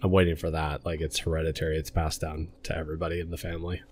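A man's voice: rumbling low, monotone, slight background noise. A man co-hosting a let's-play, joking around and guessing at the story as he plays. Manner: jokey, quick to guess and tease. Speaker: gaming channel co-host. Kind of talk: casual let's-play commentary.

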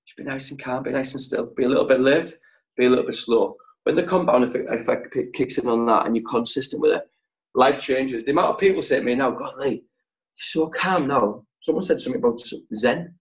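A man leading a sales training session over a video call, speaking in short, punchy phrases with deliberate pauses. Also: medium pitch, rough recording. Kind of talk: motivational training talk.

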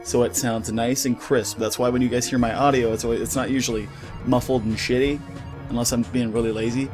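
A man's voice: mid-range voice, little pitch movement, brisk. Profane ranting man, faint music behind. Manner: heated, profane, rambling rant. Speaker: gaming YouTuber. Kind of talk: ranting vlog commentary. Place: home recording setup. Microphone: studio mic with pop filter.

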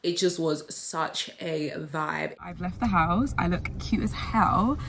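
A woman's voice: lowish voice, slow pace. A young woman talking casually to her viewers in a chatty vlog. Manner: chatty and animated, talks to viewers. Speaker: vlogger. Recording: echoey room with noise.

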